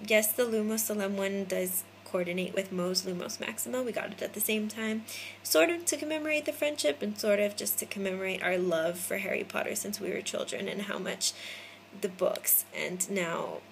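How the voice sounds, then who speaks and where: A woman's voice: medium pitch, fairly even intonation, moderate pace, gravelly, a little hiss or hum, rough recording. A young American woman in her twenties from Hawaii, chatting casually to viewers by name into a phone camera indoors. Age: 20s. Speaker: vlogger.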